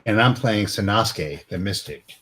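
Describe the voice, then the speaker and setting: A man's voice: fairly low pitch, lively intonation, normal speed, a bit bright, slight background noise. A man playing in a tabletop game, casual and dry in his chat.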